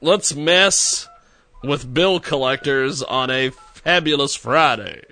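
A man's voice: medium pitch, slow pace, sharp tone, soft background music. A man hosting a comedy radio show, making a prank phone call in a playful, mock-innocent way.

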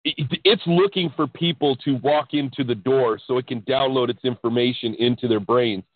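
A man's voice: mid-range voice, moderate pace, no room sound. Man on a tinny dry phone line. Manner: excitable, animated retelling with many restarts. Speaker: podcast guest. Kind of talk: casual storytelling about spiritual experiences.

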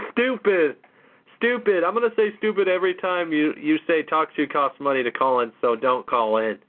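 A man's voice: a little high, normal speed, hardly any pauses. A man hosting a casual call-in show, exasperated and mocking, swearing often. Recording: tinny phone-line audio.

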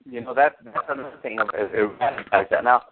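A man's voice: mid-range voice, quick pace, crowd noise. A man hosting an informal Bible study. He preaches emphatically, repeats his words and quotes scripture. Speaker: host leading a Bible study. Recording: tinny phone line with faint noise.

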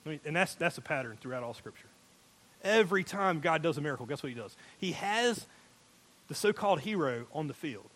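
A male pastor preaching with a high, bright, ringing voice. He talks emphatically and slips into acted asides to quote people. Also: lively intonation, a little fast. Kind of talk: sermon.

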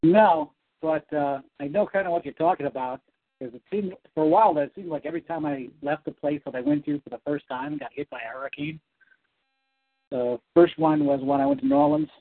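A man, a comic book writer, talking as a guest in a casual interview, animated and rambling. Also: on the high side, normal speed, vocal fry, no room sound. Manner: animated, rambling, self-correcting. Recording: dry, tinny phone-like sound.

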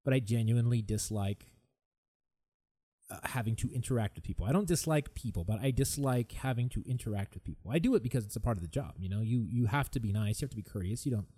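A man's voice: mid-range voice, animated, fast talker, warm tone, husky. A man hosting his own podcast, talking candidly and with exasperation about stress, sometimes mimicking other people. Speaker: podcast host. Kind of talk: solo podcast monologue.

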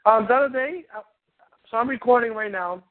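High voiced coach guy on a tinny phone line, rambly, acts stuff out. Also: fairly quick. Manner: animated, rambling, acts out quotes. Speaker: relationship coach.

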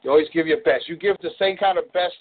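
A man coaches over a phone line, blunt and folksy, swearing to drive points home. His voice sits a little high. The sound is thin and tinny, like a phone call. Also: fast talker. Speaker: relationship coach leading a call.

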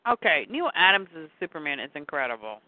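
This co-host talks fast in a low voice with big swings in pitch, reading a comic's dialogue with playful character voices while recapping it for a laid-back podcast. The line sounds thin and phone-like, completely dry with no echo.

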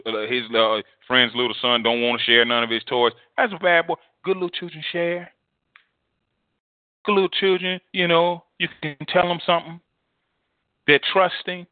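Casting: male pastor, high voice, lively rhetorical sermon on thin phone-like audio. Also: no room sound. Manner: emphatic preaching, repeats words, swings loud and soft.

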